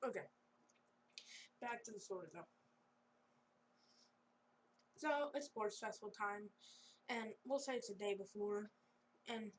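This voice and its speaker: A woman's voice: medium pitch, a little hiss or hum, low-quality recording. A woman casually making up a fan story aloud, rambling and giggly, often talking to her viewers.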